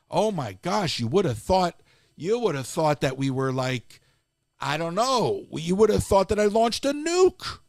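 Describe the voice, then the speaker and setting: A man's voice: high-pitched, sing-song, a little slow, creaky, dry recording, clean studio sound. A man hosting a live stream, ranting casually in an exasperated way and restarting his sentences often.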